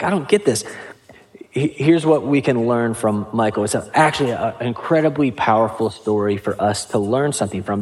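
A pastor preaching a sermon in a conversational way, with casual asides and questions to the congregation. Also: male voice, medium pitch, darkish tone.

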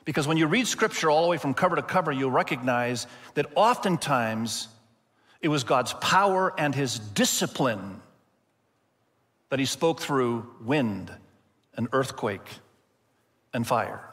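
A male pastor delivers an expressive sermon at a middling pitch, slowing down to stress key points. His voice carries a long reverb through a church hall. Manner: expressive, slows down for emphasis.

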